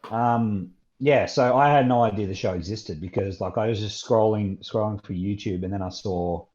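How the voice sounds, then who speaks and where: A man's voice: lowish voice, moderate pace, a little mellow, highs cut off. A man from Australia with an Australian accent, a podcast guest talking in hesitant, casual chat. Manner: hesitant, many restarts and fillers.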